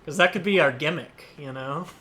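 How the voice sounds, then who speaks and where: A man's voice: a little high, a little fast, pushed and bright, a little hiss or hum. A man hosting a casual podcast chat, laughing often and joking about himself. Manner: self-deprecating, laughs often. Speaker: podcast host.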